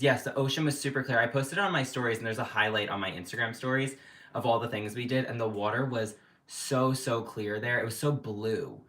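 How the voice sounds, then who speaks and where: A young man hosts a livestream from home, chatting casually in a brisk, medium-pitched, fairly bright voice. He rambles and leans heavily on "like" as a filler, and the audio comes from a livestream setup.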